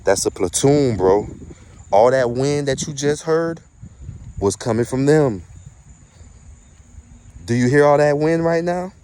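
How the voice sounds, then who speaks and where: A man vlogging outdoors at night in the wind, talking quietly and mellow in a preachy way and swearing often. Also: mid-range voice, animated, slow, long pauses. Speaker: spiritual vlogger. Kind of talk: casual outdoor vlog.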